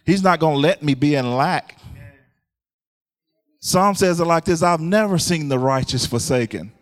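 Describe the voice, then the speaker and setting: A man preaching a sermon in a call-and-response style, laughing often and calling out hallelujahs as his voice climbs higher and louder. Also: lively intonation, moderate pace.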